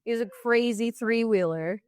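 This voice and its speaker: A woman's voice: on the high side, moderate pace, a little mellow, clean tone, no room sound, clean studio sound. A woman hosting a podcast, telling stories in casual chat. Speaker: podcast host.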